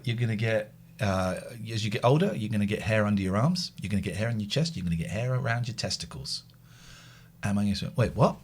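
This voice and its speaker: Middle-aged guy hosting a phone-in, husky, voice jumps all over, rambly and chatty. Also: medium pitch. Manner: chatty, rambling anecdotes with laughs. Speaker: radio phone-in host. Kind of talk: casual live chat.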